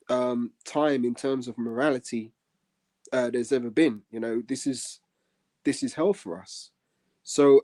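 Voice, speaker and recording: A man co-hosting a religious discussion, explaining scripture in an earnest, measured way with many pauses. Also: mid-range voice, a little mellow.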